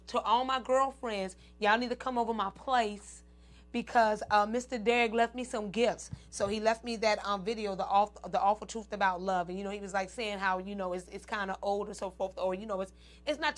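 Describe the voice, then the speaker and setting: A woman's voice: medium pitch, steady tone, brisk. A woman hosting her own show, chatting casually to her viewers, addressing them as "y'all" and "ladies" and laughing often. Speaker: show host.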